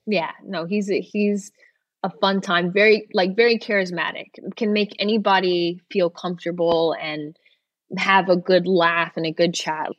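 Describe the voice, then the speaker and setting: A woman's voice: lowish voice, fairly even intonation, moderate pace, no echo, highs cut off. A young woman guest on a talk show, chatting casually with many filler words and easy laughs. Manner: chatty, lots of "like" fillers and restarts, laughs easily. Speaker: actor guest.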